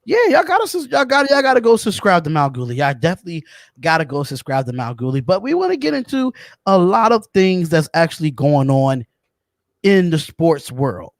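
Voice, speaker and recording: A man hosting a casual sports talk podcast, animated and chatty, calling out to viewers. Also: on the high side, brisk, no room sound, clean studio sound. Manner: animated, shouts out viewers, says y'all. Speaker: podcast host.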